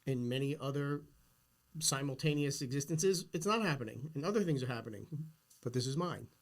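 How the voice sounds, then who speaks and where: A man's voice: medium pitch, animated, a little fast. A middle-aged man hosting a podcast, talking earnestly and emphatically in a philosophical, casual conversation. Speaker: podcast host.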